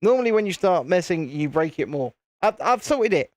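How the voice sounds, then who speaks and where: A man's voice: high-pitched, big pitch swings, moderate pace, darkish tone, no room sound, clean studio sound. A British man hosting a casual live stream, chatting to viewers in a self-deprecating way.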